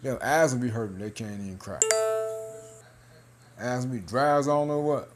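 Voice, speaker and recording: A man's voice: mid-range voice, a little fast, soft background music. A man with a mid-range voice talks through news items in a loose, casual way. He reads passages aloud, then riffs on them in a half-joking tone, throwing in plenty of "man" and "hey.". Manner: loose and animated, peppered with 'man' and 'hey'; half-joking, laughing between points. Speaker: religious video commentator.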